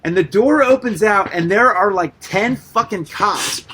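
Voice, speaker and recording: A man guest on a radio interview, telling rambling stories in a loose, animated way, full of "like" and casual swearing. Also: sits high, measured pace, slight background noise. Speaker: guest artist and musician.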